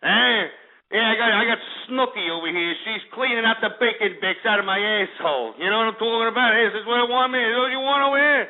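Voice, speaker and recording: A man's voice: high-pitched, quick pace, voice pushed up. A man voicing a brash, boastful male New Jersey party tough guy with a put-on New Jersey accent, heard over a tinny phone-like line. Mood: swaggering. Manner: swaggering, boastful, tagging lines with "eh?".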